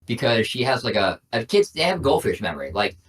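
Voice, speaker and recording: A man's voice: mid-range voice, sing-song, brisk, far from the mic, slight background noise. A young man co-hosting a casual podcast, telling long stories with lots of "I'm like.". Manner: rambling storyteller, lots of "I'm like". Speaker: podcast co-host. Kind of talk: casual chat.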